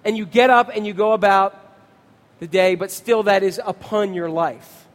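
A middle-aged man, a pastor, preaching a sermon and asking the congregation questions in an animated way. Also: high voice, long reverb tail.

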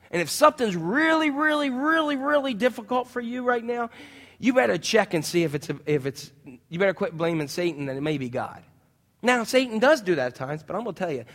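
A male preacher delivers a sermon with animated storytelling, acting out voices as he goes. His voice sits high for a man, and the church hall adds a long, lingering reverb. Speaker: pastor.

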